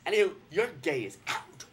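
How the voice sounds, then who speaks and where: Playful sarcastic man with a lively voice. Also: a little hiss or hum. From Vermont, USA. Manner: playful and sarcastic, jumping into squealing high voices. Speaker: vlogger. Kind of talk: casual comic storytelling.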